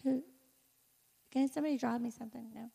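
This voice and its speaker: A woman speaker giving an animated personal testimony to a conference audience, full of "like" fillers. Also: a little high, fairly quick, gravelly, slightly rough. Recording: echoey hall reverb.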